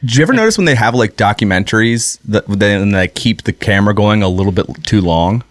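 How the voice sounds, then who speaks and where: A man co-hosts a podcast in casual chat, rambling with lots of fillers and restarts. His voice is fairly low and expressive, and he talks fast, in a studio-quality recording with no echo.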